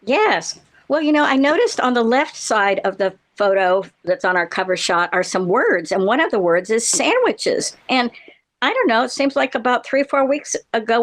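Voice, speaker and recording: A middle-aged woman, a therapist co-hosting a podcast, chatting playfully and explaining things at length. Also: fairly high pitch. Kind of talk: casual chat.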